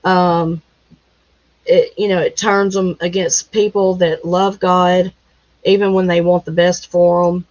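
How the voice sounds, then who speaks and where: A woman minister hosting a casual live chat. She answers viewer comments in a gentle, consoling way, with many pauses and fillers. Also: fairly low pitch, level tone. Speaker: minister and live-stream host. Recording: dull lo-fi sound.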